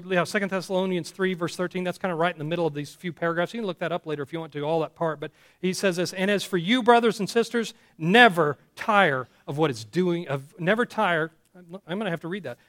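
A man preaching a sermon, earnest and conversational, often restarting and checking in with his congregation. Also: high-pitched. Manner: earnest, with frequent restarts and call-outs to the congregation. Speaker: pastor.

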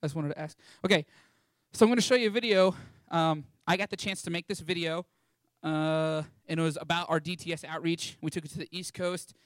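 High-voiced young man telling stories. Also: brisk, dry recording, clean studio sound. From Texas. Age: young adult, about 18. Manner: animated, rambling storyteller with lots of fillers. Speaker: speaker sharing a mission trip testimony. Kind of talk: casual testimony talk with slides.

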